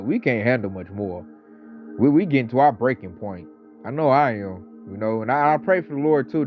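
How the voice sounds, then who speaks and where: A man delivering a casual ranting monologue, talking with animated, mocking energy and mimicking coworkers. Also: medium pitch. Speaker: online commentator. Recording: slightly dull audio, faint background music.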